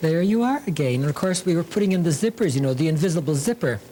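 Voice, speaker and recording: A man's voice: on the high side, expressive, fast, warm tone, a little hiss or hum, rough recording. Theatrical man demonstrating sewing. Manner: theatrical, camp, fond of 'lovely' and 'darlings'. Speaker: sewing show host.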